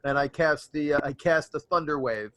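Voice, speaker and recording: A man's voice: fairly high pitch, normal speed, a bit bright. A man playing a tabletop game, talking casually and playfully with fillers. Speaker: player.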